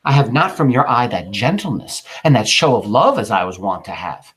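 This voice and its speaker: Cunning, manipulative nobleman, read aloud by a male teacher, who probes and reproaches. His pitch rises and falls in a lively way. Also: moderate pace. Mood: reproachful.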